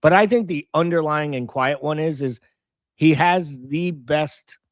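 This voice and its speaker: A man co-hosting a casual football podcast, measured and analytical, laying out his points one by one. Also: fairly high pitch, dry recording, studio quality. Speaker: podcast co-host.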